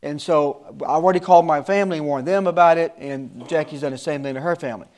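A man's voice: fairly high pitch, fast talker, a little mellow. Earnest older man teaching Sunday school. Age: 60s. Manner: earnest, repetitive warnings. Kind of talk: casual talk to a class.

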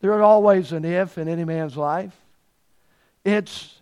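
A man with a fairly high voice preaches in an unhurried, deliberate way. He leans on repeated phrases for emphasis and reads scripture aloud in its old-fashioned wording. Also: darkish tone, clean tone. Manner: emphatic preaching, repeats key phrases and stretches words for weight. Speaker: pastor. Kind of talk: sermon.

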